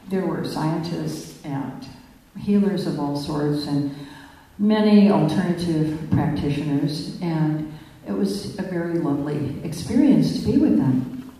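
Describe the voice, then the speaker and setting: Woman speaker, low dark voice, storytelling talk, in a distant echoey hall. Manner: vivid storytelling with acted dialogue.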